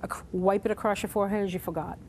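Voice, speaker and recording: A woman's voice: mid-range voice, steady tone, quick pace, slight background noise. A woman teaching a sign language class, patiently talking through each sign as she shows it. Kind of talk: classroom instruction. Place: community center classroom.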